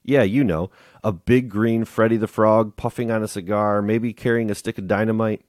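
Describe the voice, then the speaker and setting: Man reading the part of a navy commander, middle-aged, genial, brisk, low-pitched. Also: steady tone, darkish tone, no room sound, studio quality, lightly acted. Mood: brisk, friendly.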